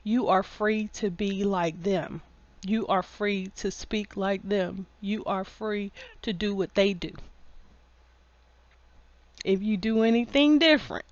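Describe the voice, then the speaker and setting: A woman in a casual opinion monologue, folksy and full of endearments, laughing often and getting loud when worked up. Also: mid-range voice, slow. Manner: folksy, drawls endearments like honey and baby. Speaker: vlogger.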